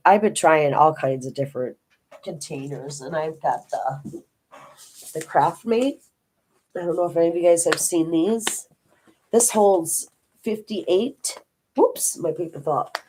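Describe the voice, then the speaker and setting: An older woman from Minnesota chatting casually to viewers about her craft hobby and telling homey, rambling family stories. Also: lowish voice. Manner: rambling, homey storytelling with many restarts. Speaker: diamond painting vlogger.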